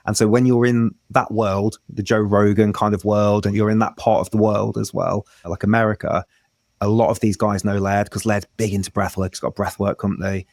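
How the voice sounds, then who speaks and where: A man's voice: lowish voice, a little mellow, no echo, studio quality. A man, a breath work coach, explaining techniques in a casual interview with frequent restarts.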